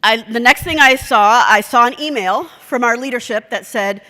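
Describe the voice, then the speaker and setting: A woman speaking at a conference with a sharp, bright tone that sits a little high. She tells a lively story and acts out the dialogue. Her voice echoes around a large conference hall. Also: normal speed, hardly any pauses.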